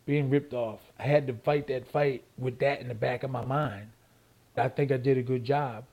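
A man's voice: mid-range voice, steady tone, moderate pace, a little mellow. An older man, a former boxing champion telling his story as a guest, repeating phrases and acting out old phone calls. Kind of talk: animated storytelling interview.

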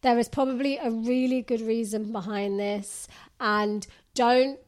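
Woman, fairly high voice, co-host, earnest casual advice. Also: steady tone, a little slow. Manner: earnest, advice-giving, jokey. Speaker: podcast co-host. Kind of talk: casual chat.

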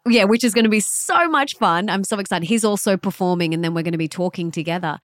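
A woman's voice: mid-range voice, fast talker, no room sound, clean studio sound. A woman hosting a podcast interview, speaking with enthusiastic, emphatic energy. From Australia. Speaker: podcast host.

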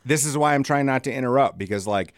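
A man's voice: mid-range voice, fast talker, no echo, clean studio sound. A middle-aged man from the American Midwest, co-hosting a podcast in a casual, profane, joking rant. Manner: profane, ranting, jokey. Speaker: podcast co-host. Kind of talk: casual chat.

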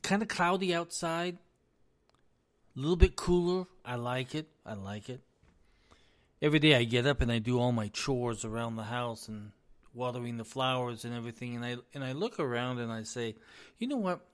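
A man hosting a solo commentary, folksy and relaxed at first, then insistent and heated about the economy. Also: mid-range voice, normal speed. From US East Coast. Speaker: business administrator, commentary host. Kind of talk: opinionated commentary.

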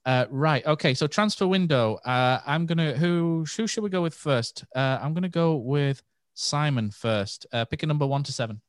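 A man hosting a quiz on a casual podcast, reading questions briskly and teasing the players. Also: on the high side, clear, resonant tone, no echo, clean studio sound. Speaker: quizmaster, podcast host.

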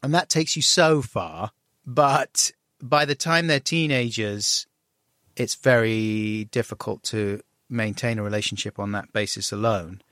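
A man's voice: lowish voice, a little slow, no room sound, studio quality. Self-deprecating middle-aged man. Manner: self-deprecating, animated when acting out dialogue. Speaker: guest. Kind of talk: candid conversational storytelling.

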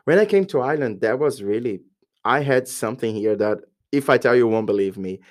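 Brazilian-accented man telling lively stories. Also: medium pitch, fairly quick. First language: Portuguese. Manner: lively storyteller who acts out quoted voices. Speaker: guest, English teacher. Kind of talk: casual podcast interview.

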